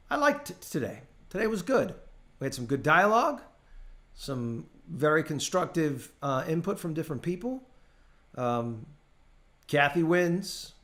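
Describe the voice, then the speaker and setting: A man running a casual live training class over a video call, telling stories and acting out the people in them. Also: fairly high pitch. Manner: animated storytelling, acts out his clients' voices. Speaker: real estate trainer.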